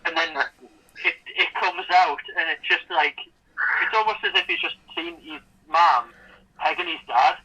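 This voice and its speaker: A man's voice: a little high, steady tone, normal speed, sharp tone, breathy edge, dull audio. A man telling a crude story on a casual podcast, laughing as he talks. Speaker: podcast guest. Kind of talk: casual podcast chat over a call.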